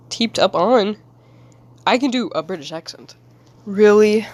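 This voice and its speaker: A woman's voice: medium pitch, animated, a little slow, long pauses, a little mellow, no echo. A woman streamer chatting casually with her viewers while she draws, giggling and rambling in a silly way. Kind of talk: casual live-stream chat while drawing.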